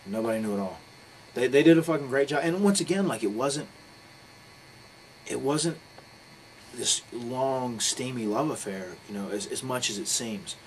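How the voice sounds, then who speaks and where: A man's voice: mid-range voice, normal speed, long pauses, poor audio. A man giving a candid interview, telling a story in a blunt, profane, rambling way. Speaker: interview guest, pro wrestler. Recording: steady background noise.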